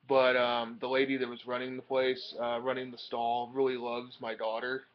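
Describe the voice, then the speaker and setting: This is a casual show-and-tell vlog where a young man who collects comic books rambles about his latest buys, filling gaps with ums and uhs. The voice is medium-pitched and monotone, moving at a moderate pace, and the home recording sounds dull and lo-fi.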